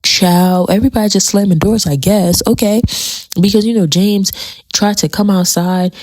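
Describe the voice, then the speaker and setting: A woman's voice: medium pitch, steady tone, normal speed, darkish tone, no echo. A woman giving a casual commentary on a TV episode, chatty and dramatic, repeating phrases for emphasis. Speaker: TV show commentator.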